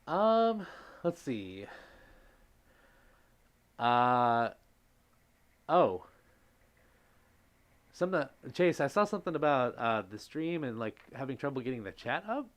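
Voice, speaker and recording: A male streamer chatting casually with his live audience as he reads out their comments. His voice sits at an everyday pitch but swoops up and down a great deal, and he gushes and exclaims freely. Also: very animated, slow, long pauses. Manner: gushing, effusive, exclaims often.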